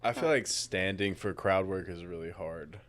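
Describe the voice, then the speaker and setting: A man's voice: deep voice, moderate pace, fairly bright tone. A man podcast co-host in casual chat, mostly giving short reactions and quips.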